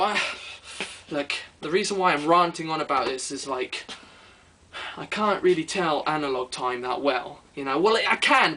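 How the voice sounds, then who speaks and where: A man's voice: high voice, sharp tone. A man delivering an exasperated comedic rant. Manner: exasperated, ranting.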